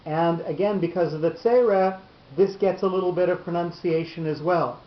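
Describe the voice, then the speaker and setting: In an echoey, lo-fi room recording, a high-pitched man speaking at normal speed teaches Torah cantillation. He walks his students through it patiently, one step at a time. He often starts his sentences over.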